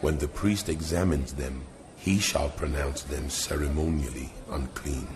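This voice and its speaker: A man's voice: very deep voice, steady tone, a little slow, crowd noise. A man reading scripture aloud in a solemn, austere manner from an audio production. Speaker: Bible audio reader.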